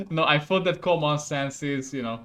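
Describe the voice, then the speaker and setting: A young man from Hungary with a Hungarian accent, a non-native English speaker, playing a game on stream, laughing often and getting worked up and loud. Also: fairly high pitch, slight background noise. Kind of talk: gaming commentary.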